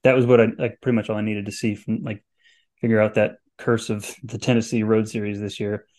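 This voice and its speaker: A man's voice: on the low side, flat delivery, fairly quick, a little mellow. A man co-hosting a college baseball podcast in casual chat, with a rambling flow full of "like.". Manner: rambling, many "like" fillers. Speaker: podcast co-host.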